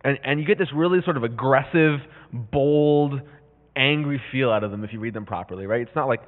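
A man's voice: mid-range voice, fairly quick. Guy teaching a bible lesson, chatty with lots of ums, sounds tinny like over a phone, big echoey hall. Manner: conversational, with many fillers and restarts; reads scripture aloud with rising intensity.

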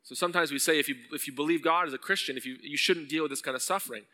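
A man's voice: fairly high pitch, very fast, bright, forceful tone, in a large hall. A male pastor preaching an earnest sermon, at times rising to a pleading intensity as he reads scripture. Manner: earnest, builds to pleading intensity when voicing psalm verses.

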